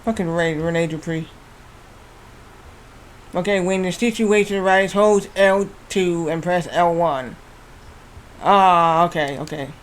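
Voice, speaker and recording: Male streamer, rambling casual game commentary, high-pitched, swears freely. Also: slow pace, long pauses, a bit bright, a little hiss or hum.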